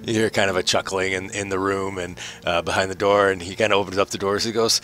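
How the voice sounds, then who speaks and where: A man narrating a tabletop game as game master in a relaxed way, with many fillers. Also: low-pitched, fast talker, faint music behind.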